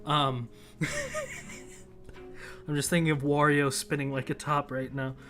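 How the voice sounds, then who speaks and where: A man's voice: fairly high pitch, flat delivery, a little slow, a bit bright, faint music behind. A young man hosting a casual livestream, wry and laughing often, swearing casually. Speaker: streamer host.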